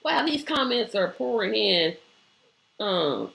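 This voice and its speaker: A woman's voice: medium pitch, big pitch swings, slow, vocal fry, fairly bright tone, reverberant, low-quality recording. A woman hosting a live online show, giving emphatic commentary, asking rhetorical questions and reading viewer comments.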